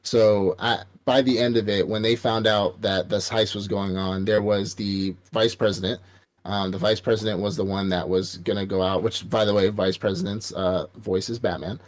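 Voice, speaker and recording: A man's voice: on the low side, steady tone, normal speed. A man casually recapping an anime on a podcast, rambling and profane, acting out quotes from the characters. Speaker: podcast co-host. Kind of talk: casual anime review chat.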